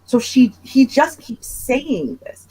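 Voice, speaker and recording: A woman's voice: sits high, sing-song, takes it slowly, dark tone, low-quality recording. A woman hosting a casual reaction chat, talking emphatically and with disbelief. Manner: emphatic, incredulous commentary. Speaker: show host.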